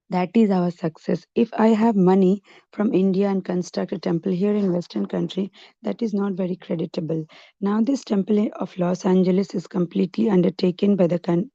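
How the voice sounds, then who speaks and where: A woman volunteer reading a letter aloud to a study group, steady and careful. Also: lowish voice, no echo. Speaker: volunteer reader. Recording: dull lo-fi dry recording.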